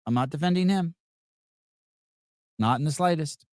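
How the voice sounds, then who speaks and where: A man's voice: a little high, moderate pace, darkish tone, dry recording, studio quality. A man hosting a live podcast, reacting to videos in a blunt, profane rant. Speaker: podcast host.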